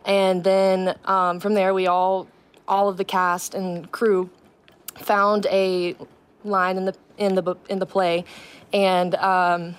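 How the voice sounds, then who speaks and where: A woman's voice: mid-range voice, flat delivery, takes it slowly, clean tone. A young woman, a drama student, answering a radio host's questions earnestly, with plenty of "um" and "like". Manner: earnest, many fillers. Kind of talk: casual radio interview.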